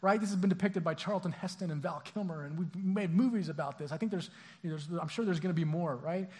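Animated high-voiced young pastor. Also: male voice, fast talker. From Southern California. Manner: casual, animated, acts out voices, stammering restarts. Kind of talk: sermon.

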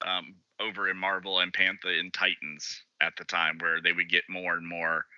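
A man's voice: low-pitched, completely flat delivery, normal speed, bright, forceful tone, smooth, no echo, dull audio. A man co-hosting a casual chat, explaining comic history and laughing easily. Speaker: podcast co-host.

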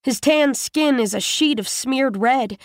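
A woman reading a first-person story aloud in a measured, steady way. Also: high voice, no room sound, clean studio sound. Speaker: audiobook narrator.

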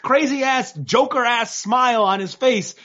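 A man's voice: extremely high pitch, a little slow, bright, forceful tone. A man co-hosting a boxing podcast, rambling and joking in casual chat. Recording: dull lo-fi sound.

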